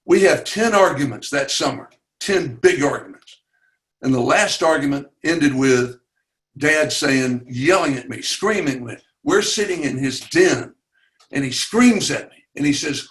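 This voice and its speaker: A man's voice: mid-range voice, a bit bright. Older Southern man telling stories. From Chattanooga, Tennessee. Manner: earnest, halting with fillers, voice rises at dramatic moments. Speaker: webinar guest speaker. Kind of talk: personal storytelling.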